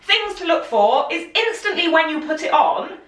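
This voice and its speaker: A woman's voice: very high voice, big pitch swings, moderate pace, a bit bright. A woman teaching a live-streamed sewing lesson, chatty and encouraging, a little out of breath as she moves around. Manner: chatty and encouraging, laughs often. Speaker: sewing pattern instructor. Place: room, speaking while moving in front of camera. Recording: echoey room, voice a bit far from mic.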